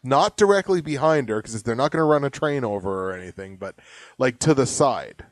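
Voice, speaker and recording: Animated joking male podcast host. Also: mid-range voice, brisk, no echo. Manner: joking, animated, reads ads aloud with mock yelling. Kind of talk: casual comedic chat.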